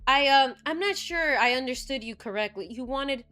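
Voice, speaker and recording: A woman's voice: sits high, moderate pace. Woman voicing a huge, polite werewolf. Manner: calm, formal, friendly.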